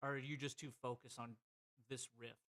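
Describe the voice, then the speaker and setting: A man narrating a tabletop role-playing game as its game master, mid-pitched and easygoing. He breaks off now and then for a joking aside before picking the scene back up. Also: flat delivery, fairly quick, a bit bright.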